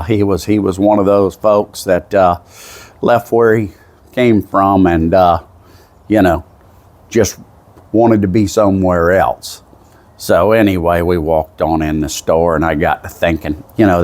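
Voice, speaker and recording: A man's voice: low voice, unhurried, darkish tone. A man with a Southern US accent telling a folksy, meandering story in a casual monologue, full of asides. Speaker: vlogger.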